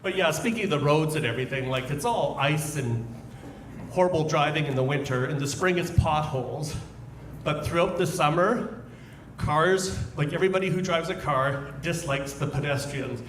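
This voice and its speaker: A man's voice: on the high side, moderate pace. A man doing a casual, rambling stand-up set at a comedy club. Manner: casual, rambling, with acted-out quoted bits. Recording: echoey room with crowd and noise.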